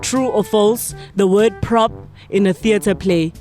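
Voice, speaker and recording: A woman's voice: mid-range voice, a little slow, warm tone, faint music behind. A woman hosting a podcast quiz, reading questions in casual chat, teasing the players and laughing often. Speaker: podcast host running a quiz.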